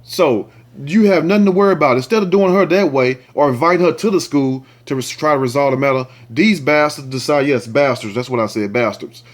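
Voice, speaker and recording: An indignant man reads a news story aloud and keeps stopping to rant about it, swearing freely as he goes. He talks straight at his viewers in a voice of ordinary, middle pitch. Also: brisk. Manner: talks straight to viewers, asks for likes and shares. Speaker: commentary show host. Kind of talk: reading a news story aloud with angry commentary.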